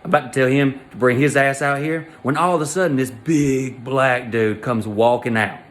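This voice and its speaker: A man telling an embarrassing story as a comedy monologue, in an animated, exasperated rant full of crude jokes. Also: mid-range voice, moderate pace.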